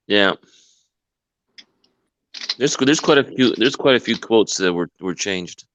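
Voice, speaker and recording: A man chatting casually as a guest on a livestream, telling things in a plain, unhurried way. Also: fairly low pitch, expressive, a bit bright, a little hiss or hum. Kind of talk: casual chat. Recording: dull lo-fi stream audio.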